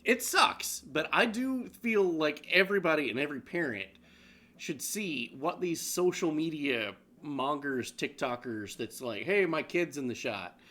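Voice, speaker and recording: Male co-host, casual profane stream banter, lively pitch, sharp bright tone. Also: a little slow. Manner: profane, laughing, animated banter. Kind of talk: casual live-stream chat.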